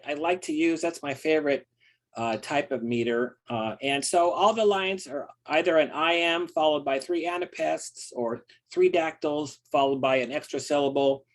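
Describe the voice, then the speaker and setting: Older American man, fairly high voice, earnest, halting, many fillers. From United States. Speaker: poet. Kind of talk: casual talk about his poem.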